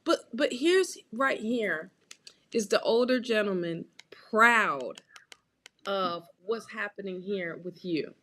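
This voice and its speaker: Slow-talking woman reading tarot live. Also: mid-range voice, expressive, a bit bright. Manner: encouraging, drawn-out and emphatic. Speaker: tarot reader and co-host.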